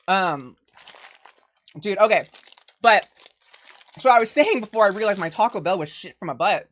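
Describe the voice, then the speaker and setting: Animated, profane young woman streaming. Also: medium pitch, moderate pace. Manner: profane, laughing, loud outbursts. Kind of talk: casual live-stream chat while eating. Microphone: close desk mic.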